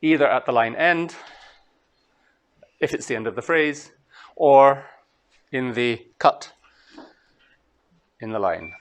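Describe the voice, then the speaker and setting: A man from Scotland leading a master class, explaining step by step and reciting verse lines slowly. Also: mid-range voice, animated.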